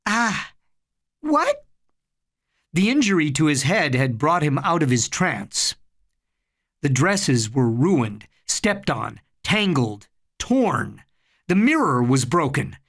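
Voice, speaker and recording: Storyteller, horror fiction reading, slow and deliberate, lively rising and falling pitch.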